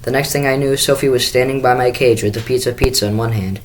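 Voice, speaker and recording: A man's voice: medium pitch, fairly even intonation, fast, slight background noise, rough recording. A man reading a children's book aloud in first person, with the occasional small restart. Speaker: school staff reader.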